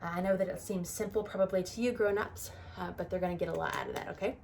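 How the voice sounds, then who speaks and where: A woman teaching a toddler music class, talking in a bright sing-song way and singing slow children's songs. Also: lowish voice, steady tone, vocal fry, slight background noise.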